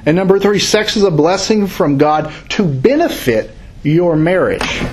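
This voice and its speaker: A man teaching a Bible study class from a handout, reading verses aloud and explaining them in a casual, halting way. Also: sits high, very animated, slight background noise, rough recording.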